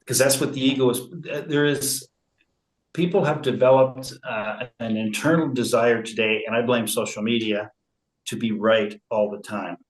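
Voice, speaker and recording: A man speaking in an interview about conflict resolution, slow and measured, with frequent fillers and restarts. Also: medium pitch, steady tone, roomy sound, low-quality recording. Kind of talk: relaxed interview talk.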